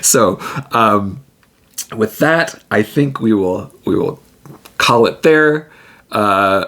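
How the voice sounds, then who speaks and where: A man narrating his own solo tabletop game in a rambling, loose style, with a gravelly, creaky voice. His pitch sits in the middle and he speaks slowly. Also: expressive, a bit bright. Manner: rambling, laughing often.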